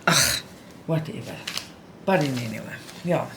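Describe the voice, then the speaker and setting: A middle-aged woman vlogging about cross-stitch at home, upset and frustrated, venting in a halting way with many restarts. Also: sits low, lively intonation, background noise. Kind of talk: casual chat while stitching.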